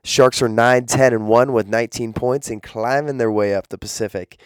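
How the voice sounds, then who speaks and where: Congested, hyped-up gameday host. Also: male voice, medium pitch, moderate pace, few pauses, clear, resonant tone, dry recording, clean studio sound. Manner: energetic hype delivery with playful slang. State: congested nasal voice from the flu. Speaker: arena gameday show host. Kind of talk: upbeat promotional hosting.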